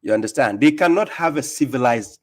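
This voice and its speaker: A man's voice: mid-range voice, animated, brisk. A man with a Ghanaian accent hosting a live debate stream with callers, taunting and laughing often. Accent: Ghanaian English.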